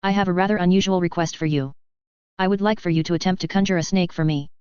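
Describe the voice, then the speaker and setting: A woman voicing a wise, very old male wizard headmaster who talks in a measured, courteous way. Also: fairly low pitch, steady tone, darkish tone, smooth, no room sound, dull audio, close to an everyday voice.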